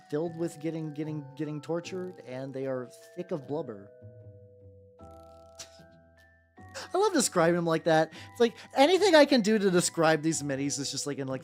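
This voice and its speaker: Animated, rambling woman streamer. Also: a bass voice. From United States. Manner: rambling, playful, swears, chats with viewers. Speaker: VTuber streamer painting miniatures. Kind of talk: casual livestream chat. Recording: faint background music.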